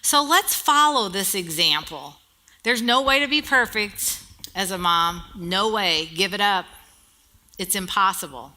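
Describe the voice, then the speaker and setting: A middle-aged woman delivering a sermon with a very bright, sharp tone. She preaches conversationally, tossing rhetorical questions to her listeners and mixing in gentle humor. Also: mid-range voice, a little slow.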